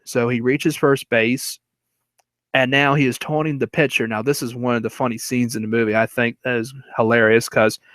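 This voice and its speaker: A man's voice: medium pitch, level tone, moderate pace, fairly bright tone, no room sound. Rambling man retelling a movie plot. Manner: rambling, with fillers and chuckles. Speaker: movie reviewer.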